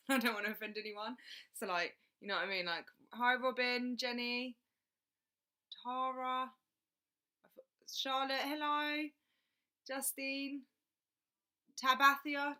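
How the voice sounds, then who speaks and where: A woman's voice: on the high side, bright, forceful tone. A woman chatting casually on a livestream, reading out viewer comments and laughing often. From England. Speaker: livestream host.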